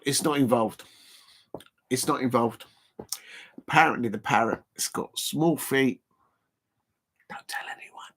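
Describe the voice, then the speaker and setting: A man's voice: medium pitch, gravelly. A man hosting a casual live stream watch-along, rambling and chuckling as he chats to viewers.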